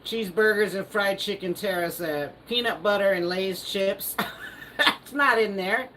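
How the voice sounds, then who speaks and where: A woman's voice: mid-range voice, measured pace, a bit bright, a little hiss or hum, rough recording. A woman hosting a live stream, casually reading viewer comments aloud and teasing them, laughing often. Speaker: livestream host.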